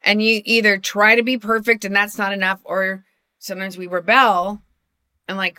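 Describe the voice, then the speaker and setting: A woman's voice: mid-range voice, flat delivery, normal speed, bright, forceful tone, smooth, no room sound, clean studio sound. A middle-aged woman co-hosting a podcast, telling personal stories in a chatty, self-deprecating way with frequent restarts. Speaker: podcast co-host. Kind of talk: casual storytelling chat.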